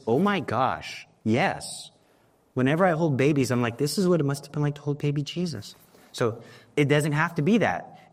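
Man preaching, earnest, mid-pitched voice, builds to emphatic peaks. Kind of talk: sermon on prayer.

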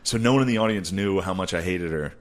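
A man's voice: low-pitched, fast talker. A man, a stand-up comic, telling crude stories in casual podcast banter and acting out what people said. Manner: crude, storytelling, acts out quotes.

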